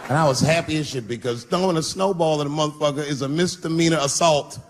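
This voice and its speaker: A male stand-up comedian telling a long story in a profane, animated way, his voice sitting somewhat high. He builds the bits in rhythm with the room. A live stage recording with steady audience laughter and noise. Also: quick pace. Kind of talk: stand-up routine.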